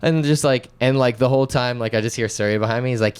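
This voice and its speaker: A young man from North Carolina, co-hosting a casual podcast. His voice is smooth and resonant and sits at a middle pitch. He tells stories in an animated, self-mocking way, swearing as he acts out what people said. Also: fast, hardly any pauses. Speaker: podcast co-host. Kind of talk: casual storytelling chat.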